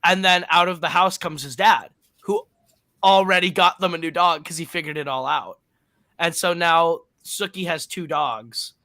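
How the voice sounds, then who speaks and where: A man's voice: a little high, moderate pace, sharp tone, dry recording. A man co-hosting a film podcast, retelling a movie's plot in a rambling way, correcting himself often and using lots of fillers. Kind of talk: casual plot recap and review.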